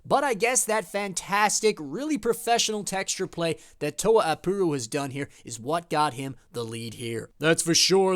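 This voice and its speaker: A man's voice: sits high, a bit bright. A man hosting an online show, reviewing entries in an enthusiastic, upbeat way. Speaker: host.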